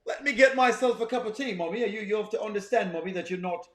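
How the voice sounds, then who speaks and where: A man putting on a spoiled posh child with a bright, high, affected voice. He is lofty and prissy, sighing out "you know" and "after all" as if everyone else were beneath him. The comedy comes from the put-on airs. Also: big pitch swings, takes it slowly, exaggerated voice. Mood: haughty. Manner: prissy, affected fancy talk. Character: snobbish posh little boy mocking his mother.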